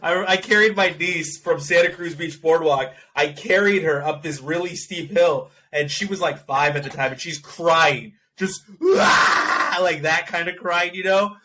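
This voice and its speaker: A man's voice: fairly high pitch, moderate pace, few pauses, noisy background. A man co-hosting a podcast, telling funny stories in casual chat and laughing often. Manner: joking, animated storyteller who laughs often. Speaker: podcast co-host.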